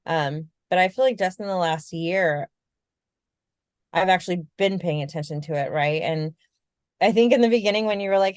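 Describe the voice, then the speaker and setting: A woman's voice: on the low side, normal speed, dry recording, studio quality. A woman co-hosting a podcast, talking candidly and reflectively, swearing casually and laughing often. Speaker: podcast co-host.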